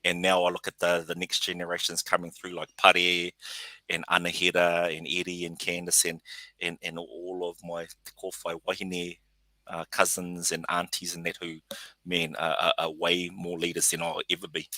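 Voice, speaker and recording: Very deep, bright-toned New man. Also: completely flat delivery, normal speed, no room sound. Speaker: guest. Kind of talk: casual chat.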